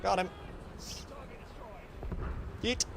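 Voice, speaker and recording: A man streaming a game, ranting and swearing in casual, profane commentary. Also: drawn-out words. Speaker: gaming streamer. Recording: noisy background.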